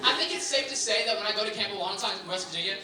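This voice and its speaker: A young man doing a stand-up set at a live venue, telling stories in an animated way with sudden shouts and laughing asides. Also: sits high, rapid-fire. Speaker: stand-up comedian. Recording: echoey distant room mic, loud crowd and noise.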